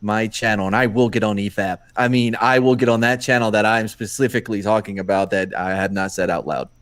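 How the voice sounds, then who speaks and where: A man's voice: lowish voice, fairly quick, a bit bright. A man co-hosting a casual streamed podcast, chiming in with dry, wry asides. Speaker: podcast co-host. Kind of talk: casual live-stream chat.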